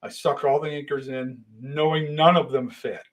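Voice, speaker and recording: A middle-aged man tells a rambling story in a casual monologue. His voice sits a little high for a man. He swings between conspiratorial hushed asides and sudden loud, animated bursts. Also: normal speed.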